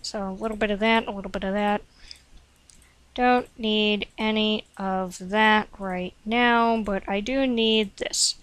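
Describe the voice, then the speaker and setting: A woman's voice: mid-range voice, steady tone, unhurried, fairly bright tone, clear, resonant tone, no echo. A woman giving rambling, digressive commentary while playing a game at home, talking to her cat now and then into a desk microphone. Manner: chatty, digressive, frequent "like" and "um"; talks to her cat between game remarks. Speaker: gaming commentator. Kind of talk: rambling let's-play commentary.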